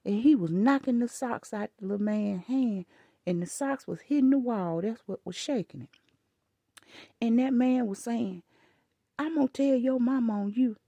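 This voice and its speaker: Gravelly older woman with a drawl. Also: a little high, mellow, no echo. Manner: emphatic, scolding, addresses viewers as y'all. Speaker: vlogger. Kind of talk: animated storytelling to viewers.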